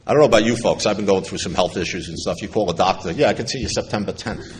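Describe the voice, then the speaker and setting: A middle-aged New Yorker with a deep voice talks rapid-fire at a recovery convention, sharing his personal story with wry humor and acting out what other people said. It's a recovery talk to an audience in a large convention hall, recorded with echo and faint ambience.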